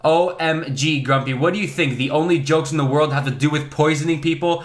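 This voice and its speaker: A man's voice: a little high, a little fast, close to an everyday voice. A man reading as a sarcastic, teasing girl. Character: sarcastic young girl captive in a dark forest.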